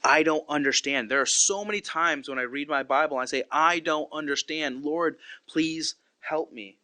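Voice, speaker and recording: A man's voice: on the high side, moderate pace, pushed and bright, no echo. A man in his thirties giving an earnest, conversational Bible devotional as a podcast host, acting out quotes as he goes.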